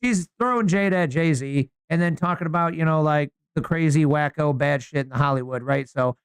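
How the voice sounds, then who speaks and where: A man co-hosting a podcast, chatting casually in slangy, animated storytelling. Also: fairly high pitch, normal speed, clear, resonant tone, no echo. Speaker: podcast co-host.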